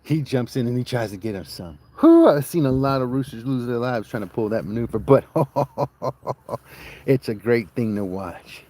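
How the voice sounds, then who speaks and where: A man vlogging outdoors on a farm, telling rambling stories in a crude, joking, rough-spoken way. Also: mid-range voice, expressive, moderate pace, dark tone. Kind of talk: casual rambling storytelling.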